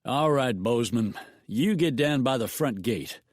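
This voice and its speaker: A man's voice: mid-range voice, expressive, measured pace, dry recording, clean studio sound, voice pushed up. A man voicing a scheming male boss who gives curt orders. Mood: commanding.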